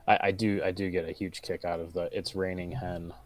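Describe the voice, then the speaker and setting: Man, Michigan accent, very low voice, easygoing chat, amused tone. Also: little pitch movement, brisk, no room sound. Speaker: guest. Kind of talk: casual chat while gaming.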